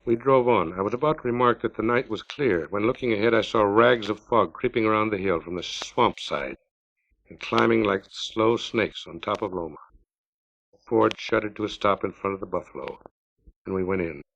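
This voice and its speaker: A man in his fifties from California reading his own story in a measured, plain storytelling narration, on a dull lo-fi 1950s record. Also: on the low side, gravelly, a bit bright.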